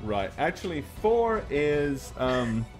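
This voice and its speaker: A man's voice: fairly high pitch, very animated, slow pace, faint music behind. A man narrating as game master, bantering and joking at himself. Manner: laughing, self-deprecating banter.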